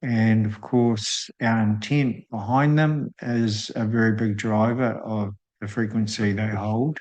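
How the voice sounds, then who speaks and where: A man hosting a solo spiritual talk, speaking thoughtfully with frequent pauses and drawn-out ums. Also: lowish voice, fairly even intonation, darkish tone. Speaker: host.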